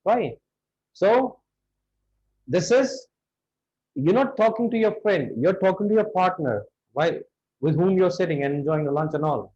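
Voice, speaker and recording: A man's voice: high-pitched, very animated, normal speed, darkish tone, lo-fi sound. A man with an Indian English accent teaching spoken English, acting out lines of dialogue to show intonation.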